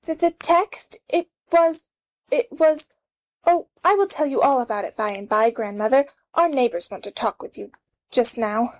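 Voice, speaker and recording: A woman's voice: on the high side, expressive, fairly quick, natural voice. A woman playing a vain, flustered young girl who stammers and hesitates. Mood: girlish. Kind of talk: amateur play reading.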